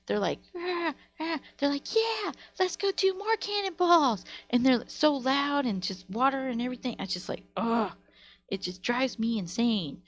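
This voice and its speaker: A woman's voice: on the low side, vocal fry. A woman in her thirties, a live streamer, chatting casually and venting through a long story with lots of fillers. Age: 30s.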